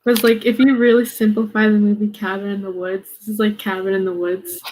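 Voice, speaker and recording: A woman's voice: medium pitch, flat delivery, a little fast, a little mellow, a little hiss or hum, low-quality recording. A woman on a podcast, chiming in with short, eager reactions. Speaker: podcast co-host. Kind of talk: casual chat.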